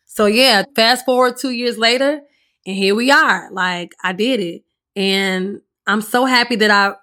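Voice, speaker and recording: A woman with a raspy voice hosting her own podcast, telling her story in a candid, chatty way and swearing freely. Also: medium pitch, sharp tone. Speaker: podcast host. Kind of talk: casual solo podcast monologue.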